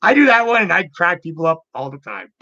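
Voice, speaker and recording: A man hosts his own online show in a loose, upbeat chat that rambles and circles back on itself. His voice sits a little high and sounds bright and forward. The recording is dull and lo-fi. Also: sing-song, fast talker. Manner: rambling, repeats words, upbeat. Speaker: show host. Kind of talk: casual chat.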